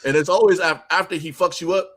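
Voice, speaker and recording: A man with an ordinary mid-range voice telling loose, animated stories. He laughs often and lets some asides fall to a mumble. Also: sits high, fast, a loud crowd. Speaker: co-host. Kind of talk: casual podcast banter.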